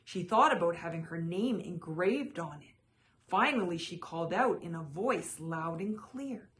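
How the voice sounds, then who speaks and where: A woman storyteller reading a children's picture book aloud with expressive, slow dramatic phrasing. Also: on the low side, a little hiss or hum.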